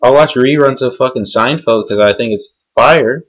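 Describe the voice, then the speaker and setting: A man's voice: mid-range voice, normal speed, poor audio. A young adult man delivering an angry, cynical, profanity-heavy rant. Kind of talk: profane ranting monologue.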